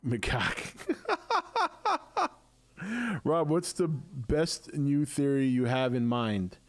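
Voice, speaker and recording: A man's voice: medium pitch, slow, a little mellow. A middle-aged man hosting a casual live stream, chatty and laughing often, with many restarts.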